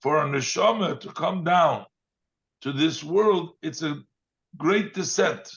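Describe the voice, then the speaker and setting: A man, a rabbi, giving a text study lesson, reading Hebrew phrases aloud and then explaining them in English with frequent pauses and fillers. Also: a little high, a bit bright, highs cut off. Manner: reads Hebrew lines then translates, with fillers.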